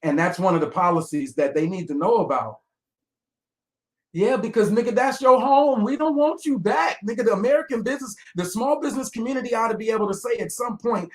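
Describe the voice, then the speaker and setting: A man hosting a livestream and reacting to clips, talking in a loud, profane, animated way that swings between muttering and shouting. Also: extremely high pitch, brisk.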